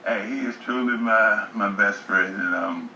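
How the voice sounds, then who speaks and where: A man speaking casually in an interview, relaxed, fond and teasing. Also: lowish voice, measured pace, dull audio, slight background noise. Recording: echoey room, distant mic.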